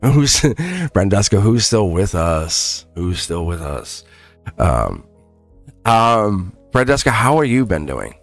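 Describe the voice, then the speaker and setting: A man hosting a live tarot reading stream, telling rambling stories and coaxing viewers in a casual, earnest way. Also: low voice. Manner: rambling, animated storytelling with many restarts. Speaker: schoolteacher.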